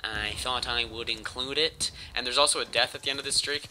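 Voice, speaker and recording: A man's voice: mid-range voice, fairly even intonation, brisk, pushed and bright, slight background noise. A man with a cold, rambling and joking crudely as he talks over his gameplay footage on a home mic. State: sick with a cold. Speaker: gaming channel host.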